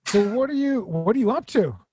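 A man's voice: very high voice, expressive, a little fast, warm tone, slight background noise. A man hosting a comedy podcast over a video call, joking and rambling with frequent laughter. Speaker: podcast host.

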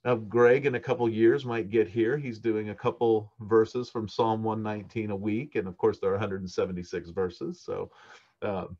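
Low-voiced man preaching a sermon. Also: steady tone, normal speed, dull audio. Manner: thoughtful, with many fillers and restarts. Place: church.

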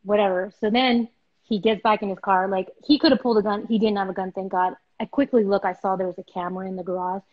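A woman's voice: mid-range voice, steady tone, fast. A young woman hosts a casual live chat. She tells her stories animatedly and acts out the voices of the people in them. Her voice sounds somewhat dull and lo-fi over the stream connection. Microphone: video call.

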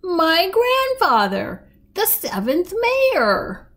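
A woman reading aloud, voicing a forgetful, vague old grandmother in a slow, wandering way. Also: very high-pitched, huge pitch swings, a bit bright, voice pushed up, exaggerated voice. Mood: faraway.

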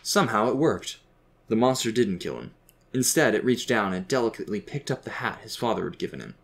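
A man reading a fictional holiday story aloud in an even, gentle storytelling manner. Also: fairly low pitch, fairly quick, creaky. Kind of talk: scripted story narration.

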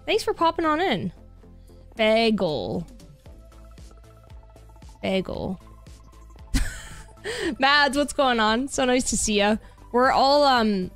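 Canadian lady streaming a game, kinda high voice, chatty and giggly, faint music behind. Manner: chatty, reads chat aloud, laughs easily. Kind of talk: casual chat while gaming.

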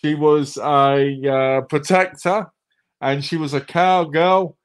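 A man chatting casually on a livestream, joking and retelling comedy scenes in a rambling, animated way. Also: on the high side, slow pace, smooth.

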